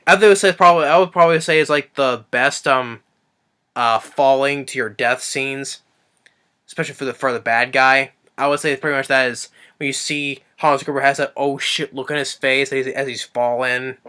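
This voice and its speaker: A man's voice: fairly even intonation, normal speed, pushed and bright, smooth. A man reviewing a movie off the cuff, rambling with lots of fillers and restarts. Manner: briefly acts out quotes in a higher voice.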